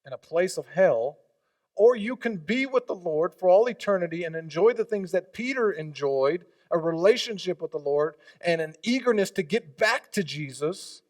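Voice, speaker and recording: A pastor delivering an impassioned sermon in a fairly high voice. He swings between forceful emphatic lines and near-whispered asides. The recording is dry and he sits a little away from the mic. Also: expressive, normal speed, no echo, distant mic. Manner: impassioned preaching, swinging from loud to hushed.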